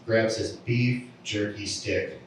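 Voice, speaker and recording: Man, stand-up comedian, deadpan storytelling, distant mic, steady background noise. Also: fairly low pitch, takes it slowly. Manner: deadpan storytelling with acted-out voices. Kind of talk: stand-up set. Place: comedy venue. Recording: echoey room from a distant mic.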